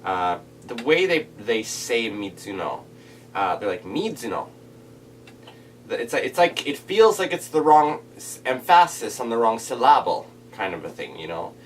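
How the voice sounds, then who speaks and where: A man's voice: medium pitch, very animated, normal speed, far from the mic, a little hiss or hum. A man talking casually in a reaction vlog, rambling with many restarts and fillers. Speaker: vlogger reviewing anime dub voices. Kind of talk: casual reaction video monologue.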